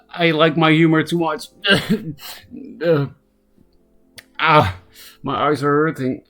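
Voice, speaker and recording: Giggly, slow-talking game streamer. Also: mid-range voice, steady tone, fairly bright tone, soft background music. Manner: keeps breaking into helpless laughter; self-mocking, chatty with viewers. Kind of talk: casual live-stream chat.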